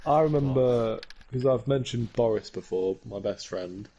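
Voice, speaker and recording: A young man, co-hosting a casual podcast chat in a relaxed, hesitant way with many pauses. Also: mid-range voice, creaky, dull audio, slight background noise. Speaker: podcast co-host.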